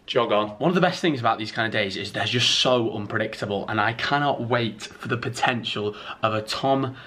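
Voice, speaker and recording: A man's voice: mid-range voice, a little fast, pushed and bright. A young man playing a football video game, cheeky and boastful as he trades jabs with friends. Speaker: gaming video presenter. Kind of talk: casual banter over video games. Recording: echoey room.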